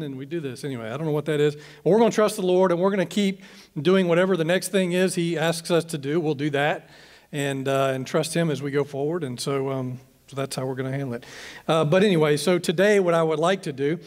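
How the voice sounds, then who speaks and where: A male pastor speaks to his church leaders in a loose, conversational way, circling back and restarting his phrases. His voice sits a bit high for a man. A long reverb trails each phrase around the large church hall. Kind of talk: informal talk to church leaders.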